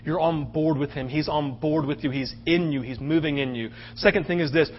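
A man preaching a sermon as pastor, passionate and swinging between loud outbursts and hushed stretches. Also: fairly high pitch, fairly even intonation, brisk, lo-fi sound, slight background noise.

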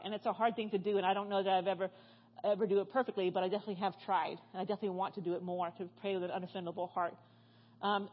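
A woman giving a sermon in a church, telling stories in a lively, conversational way and asking the congregation questions. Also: mid-range voice, highs cut off. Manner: animated, conversational, questions the audience. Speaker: guest speaker. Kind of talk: sermon storytelling.

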